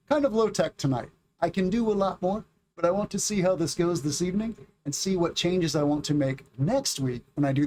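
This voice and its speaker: A middle-aged American man's slightly high, slightly mellow voice leads a casual English lesson on a livestream. He reads chat and drills pronunciation with slow, clear delivery, and a little hiss or hum can be heard.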